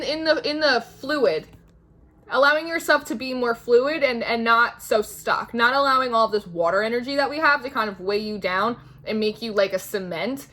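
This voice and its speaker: Bright, chatty young woman reading tarot. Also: on the high side. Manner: chatty, meandering, heavy use of "like". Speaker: tarot reader. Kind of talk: spiritual tarot reading monologue.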